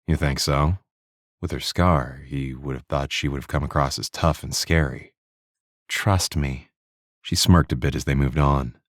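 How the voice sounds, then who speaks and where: A man narrates a thriller audiobook in a steady, measured storytelling voice. His pitch sits extremely low, and the close studio mic gives a dead, dry sound with no room around it. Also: no room sound.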